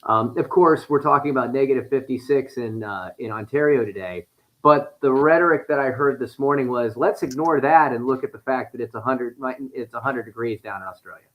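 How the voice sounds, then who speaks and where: Male co-host, casual podcast chat, wry jokey asides, mid-pitched. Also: a little fast, muffled recording.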